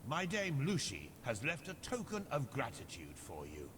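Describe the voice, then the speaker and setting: An actor playing a composed, courteous male temple official in a game, speaking in a measured way. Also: medium pitch, huge pitch swings. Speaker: game character. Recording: game audio with long reverb and noise.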